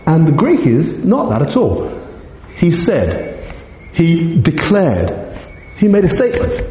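A preacher with a warm, higher-pitched voice that swoops wildly speaks slowly through an expository sermon, teaching emphatically and posing many rhetorical questions. He addresses his congregation in a church meeting hall, and the sound echoes with long reverb.

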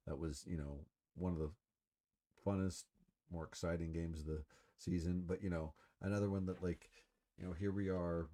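A man hosting a solo podcast, talking casually and rambling with many fillers and swearing while he smokes. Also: deep voice. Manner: relaxed, smoking while talking. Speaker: podcast host. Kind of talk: casual solo sports talk.

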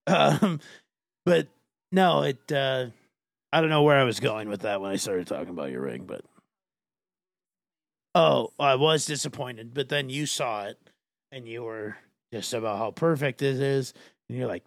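A man hosting a podcast, chatting casually in a rambling, halting way with many fillers. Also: mid-range voice, animated, vocal fry, dry recording. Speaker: podcast host. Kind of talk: casual chat.

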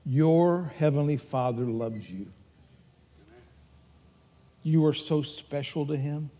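A man's voice: a little high, slow pace, dark tone, long reverb tail. An older man with a Texan accent preaching a sermon as pastor, earnest and emphatic as he tells stories.

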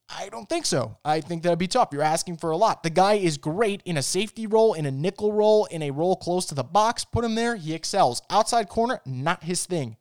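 A man's voice: sits high, smooth. A man hosting a sports talk show, giving emphatic analysis and asking his listeners rhetorical questions. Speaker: sports podcast host.

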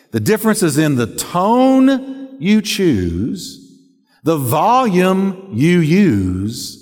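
A man preaching a sermon as pastor, emphatic and dramatic, acting out examples as he goes. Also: on the high side. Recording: long reverb of a large hall.

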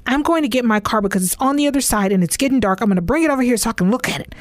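A man's voice: very high voice, racing, dry recording. A woman acting out a nervous, jittery male friend in a comic story, pleading and fretful. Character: nervous jittery young man, anxious friend.

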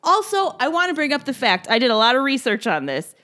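A woman talks through a film with a co-host, in lively, swinging tones that sit a little high. She laughs often, swears freely and slips into the characters' voices as she retells scenes. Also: fast. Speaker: podcast co-host. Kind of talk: casual movie recap chat.

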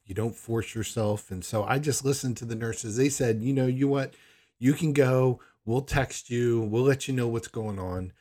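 A man's voice: mid-range voice, moderate pace, darkish tone. A man telling a personal story in a candid, rambling way, often questioning himself. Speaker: son recounting a hospital visit.

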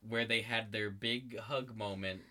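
A young adult man co-hosting a casual recap chat, slangy and quick to laugh, acting out characters' lines as he goes. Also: lowish voice, steady tone, bright, forceful tone. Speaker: podcast co-host.

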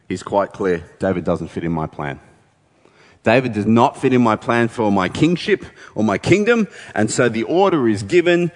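A man's voice: lowish voice, big-room sound. A man preaching a sermon in a conversational storytelling way, retelling scripture with casual asides.

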